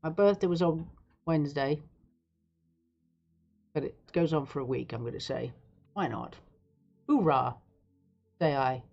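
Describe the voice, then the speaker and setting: A woman's voice: sits low, normal speed, creaky, long pauses, a little mellow, lo-fi sound, soft background music. A woman hosting a live stream, talking in a rambling, sarcastic, digressive way. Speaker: livestream host. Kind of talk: casual live-stream commentary.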